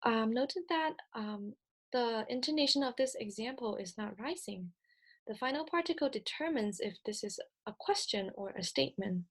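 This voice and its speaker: A woman's voice: a little high, expressive, moderate pace. A young adult woman presenting a recorded slide lecture, explaining step by step with frequent ums and self-corrections. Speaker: speech-language presenter.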